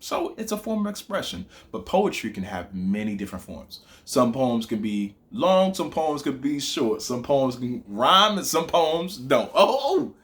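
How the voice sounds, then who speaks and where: A young man with a Southern accent, teaching a playful lesson that mixes in rap bars. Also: medium pitch. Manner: lively, playful, chanting lines slowly for emphasis.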